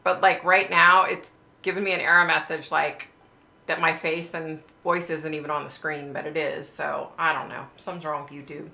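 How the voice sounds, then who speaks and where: A middle-aged woman chats with her livestream viewers in a loose, rambling way, swearing freely and dropping "like" everywhere. Her voice sits low with a gravelly fry and a bright, sharp edge. The sound bounces around an echoey room. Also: flat delivery, normal speed. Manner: rambling, chatty, swears freely, peppers speech with "like". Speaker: psychic livestream host. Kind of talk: casual livestream chat with viewers.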